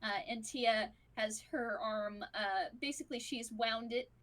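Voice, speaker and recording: A woman narrates a tabletop game as game master, loose and chatty. She pads her lines with fillers and acts out little sounds. Her voice is high and bright. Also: steady tone, a little slow.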